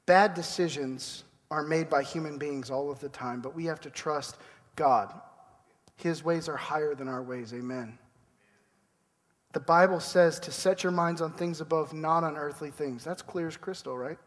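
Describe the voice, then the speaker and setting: A man's voice: on the high side, normal speed, long reverb tail. A man preaching a sermon in a conversational way, acting out quoted people as he goes. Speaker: pastor.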